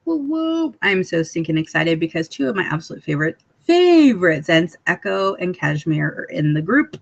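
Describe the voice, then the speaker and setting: Speaking to her fellow sales consultants in a relaxed training talk, a woman chats away with plenty of ums and sudden playful voices. Her voice is lowish and creaky, with lively intonation and a moderate pace. The audio is dull and lo-fi.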